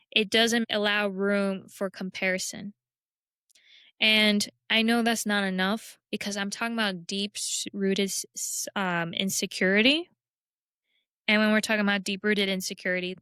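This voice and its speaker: A woman's voice: mid-range voice, fairly bright tone, clear, resonant tone, dry recording, clean studio sound. A young woman hosting a casual self-help talk, candid and self-deprecating in a conversational way. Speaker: podcast host.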